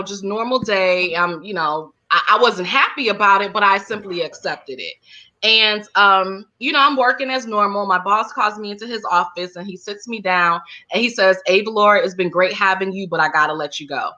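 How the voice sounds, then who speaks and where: A woman's voice: medium pitch, moderate pace, bright, forceful tone. A woman guest on an interview, telling her story casually and packing her speech with fillers like "like" and "you know.". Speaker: guest, holistic healer and counselor. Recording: dull lo-fi sound.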